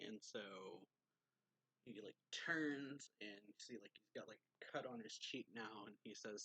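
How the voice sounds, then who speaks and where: A man's voice: fairly low pitch, unhurried, fairly bright tone, husky. A man giving a casual, rambling recap of a manga chapter as a reviewer. He fills his talk with "like" and reads quoted lines aloud along the way.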